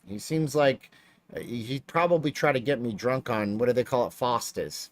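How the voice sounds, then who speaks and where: Lively, rambling livestream host man. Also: medium pitch, unhurried, dry recording. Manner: rambling, jokey, animated. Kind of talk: casual livestream chat while playing slots. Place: home streaming room with lights.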